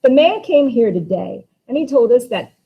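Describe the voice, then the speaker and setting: A woman's voice: a little high, very animated, normal speed, slightly rough, voice pushed up, heavily acted. A woman reading Walter, a bitter, impassioned young man. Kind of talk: dramatic play reading. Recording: dull lo-fi recording.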